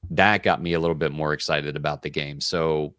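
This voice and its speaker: A man's voice: a bass voice, fairly even intonation, fairly quick, fairly bright tone, smooth, no echo, studio quality. A man co-hosting a board game call-in show, chatting casually and rambling through anecdotes while acting out the dialogue. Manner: rambling storyteller, acts out quoted dialogue. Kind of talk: casual chat.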